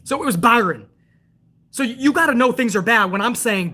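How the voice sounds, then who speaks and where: A woman's voice: on the high side, animated, quick pace, sharp tone. A woman hosting a show, ranting hard with profanity about wrestling and answering viewers in a live chat. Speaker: show host.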